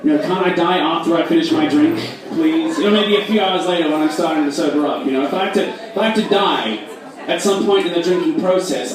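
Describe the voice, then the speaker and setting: A young man with a mixed Australian and American accent does stand-up comedy, chatting with the crowd and poking fun at himself. His voice sits fairly high. He is heard through a PA from far off in a big echoey hall. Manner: self-deprecating, quick asides, audience banter. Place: large echoey hall at a fundraiser.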